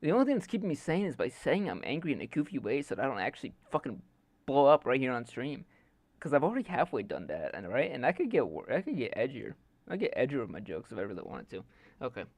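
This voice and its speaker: A man's voice: mid-range voice, huge pitch swings, fast talker, a little mellow, dry recording. Young guy streamer ranting n swearing, voice jumps up and down a lot, dry close sound. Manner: exasperated, swears heavily, rambling and joking. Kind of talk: casual live-stream rant.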